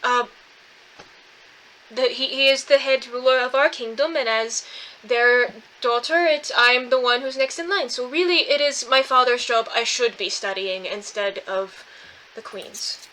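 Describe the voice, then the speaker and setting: High bright unhurried woman role-playing. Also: low-quality recording. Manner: hesitant, laughing, unhurried. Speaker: tabletop player voicing a princess. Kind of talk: in-character tabletop role-play.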